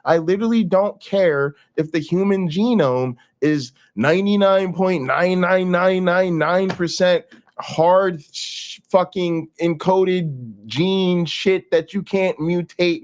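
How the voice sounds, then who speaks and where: A man hosting a casual commentary, blunt, profane and emphatic as he reacts to clips. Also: a little high.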